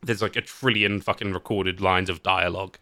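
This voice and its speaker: A man hosting a podcast in casual chat, animated, laughing often and swearing casually as he talks about games. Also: low-pitched, brisk, no echo, clean studio sound. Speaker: podcast host.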